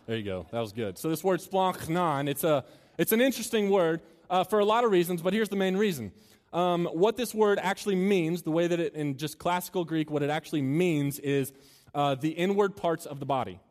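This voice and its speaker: A man's voice: fairly high pitch, a little fast, a little mellow. A man preaching a sermon to students, joking and chatty at times and earnest at others. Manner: joking and conversational, then earnest and building. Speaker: campus minister. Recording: long reverb of a large hall.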